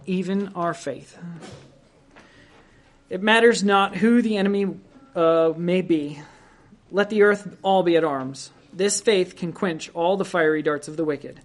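A preacher delivering a sermon in an earnest, exhorting manner, speaking directly to listeners and lifting the voice to stress each quoted verse. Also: mid-range voice.

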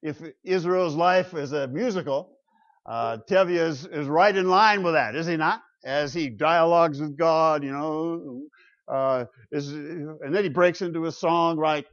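A man giving a classroom lecture on the Psalms, emphatic and animated, with rhetorical questions and chuckles. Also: a little high, measured pace, lo-fi sound. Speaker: Bible lecturer.

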